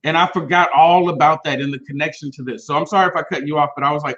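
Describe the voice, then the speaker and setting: Male educator, fairly high voice, lively storyteller, muffled lo-fi recording. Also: fast, hardly any pauses. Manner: animated, slips into quoted voices of students. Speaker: teacher and speech coach. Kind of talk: casual podcast chat.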